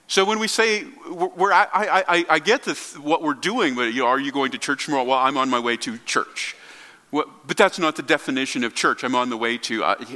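A man preaching a sermon in a high, bright voice. He presses his points hard and often stops to restart or repeat a word mid-phrase. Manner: emphatic, with frequent restarts and repeated words. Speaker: pastor.

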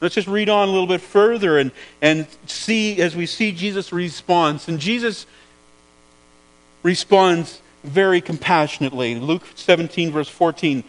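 A man's voice: high-pitched, moderate pace, low-quality recording. A man preaching a sermon in an earnest way, often repeating words as he searches for the phrasing.

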